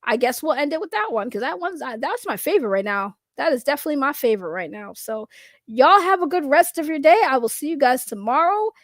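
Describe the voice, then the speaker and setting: A woman's voice: high-pitched, animated, quick pace, dry recording. A woman doing casual livestream commentary, rambling and blunt, swearing freely and laughing often. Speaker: online commentator.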